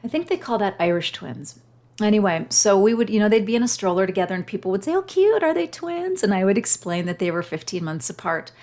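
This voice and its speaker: A woman's voice: medium pitch, fast talker, darkish tone. A middle-aged woman hosting her own podcast, telling a personal story in a heartfelt, emotional way. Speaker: podcast host.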